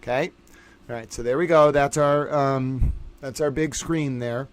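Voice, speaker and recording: A man hosting a casual livestream trivia game, excitable and playful, swinging his voice up and down as he chats. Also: a little slow, faint music behind. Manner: excitable and playful, jumps between pitches.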